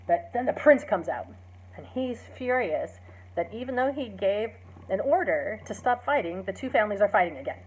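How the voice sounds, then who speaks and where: A woman's voice: medium pitch, lively intonation, moderate pace, darkish tone, breathy edge. A woman, a teacher, casually retelling a play's story, chatty with many fillers and acting out the quoted lines. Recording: dull lo-fi recording.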